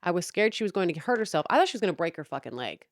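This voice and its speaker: Young woman podcast host, fired-up profane rant, lowish voice, dry close sound. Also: racing, no room sound. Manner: heated, profane, animated venting. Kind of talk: casual storytelling rant.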